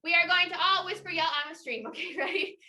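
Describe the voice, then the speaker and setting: A bright, high-pitched young woman leads children through a lively movement lesson over a video call. She sounds energetic, encouraging and playful. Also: fast. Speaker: children's water festival educator. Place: home, indoors.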